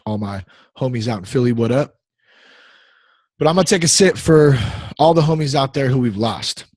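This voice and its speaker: A man's voice: medium pitch, lively intonation, moderate pace, a little mellow, slightly rough, no echo. A man in his thirties hosting a podcast, talking casually in a rambling, easily distracted, playful way. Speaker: podcast host.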